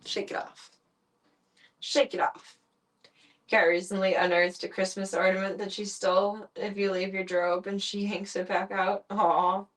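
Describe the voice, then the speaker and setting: Woman streamer, casual and chatty, coos at pets, mid-pitched. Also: little pitch movement, normal speed. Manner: chatty, coos and baby-talks to animals. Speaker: streamer working with animals. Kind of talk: casual live-stream chat.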